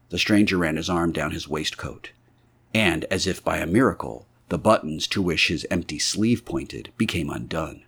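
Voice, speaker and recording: A man's voice: low voice, normal speed, a bit bright, husky. A man reading a classic novel aloud as an audiobook narrator, telling it in a vivid way. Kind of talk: scripted narration.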